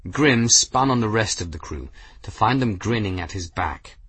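A man reading an adventure novel aloud as narrator, in a measured, even storytelling manner. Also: on the low side, husky, no echo. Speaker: audiobook narrator. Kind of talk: scripted narration.

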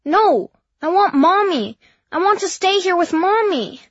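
A woman voicing an upset young boy who shouts and pleads in a loud, childish voice. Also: very high-pitched, expressive, a little slow, no room sound, voice pushed up. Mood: upset shouting. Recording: dull dry lo-fi.

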